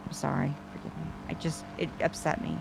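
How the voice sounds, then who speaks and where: A woman's voice: sits low, flat delivery, a little fast, creaky, background noise. A woman in a roleplay scene, venting in an upset way and swearing. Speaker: roleplay character. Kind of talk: in-character roleplay chat.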